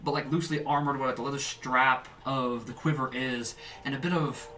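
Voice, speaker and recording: A man's voice: medium pitch, steady tone, a little fast, pushed and bright, far from the mic, soft background music. A man narrating as game master of a tabletop game, describing scenes casually with many fillers.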